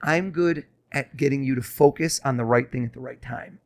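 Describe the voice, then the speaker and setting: A man who is a mentalist guest on a podcast, running a mind-reading trick with quick, insistent showman patter. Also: mid-range voice, a little mellow.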